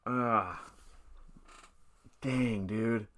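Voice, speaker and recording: A young man streams live, talking casually through fantasy football teams, thinking aloud and reading chat in a rambling, upbeat way, hiccuping as he goes. His voice is lowish and a bit bright, with fairly even intonation and a very slow pace.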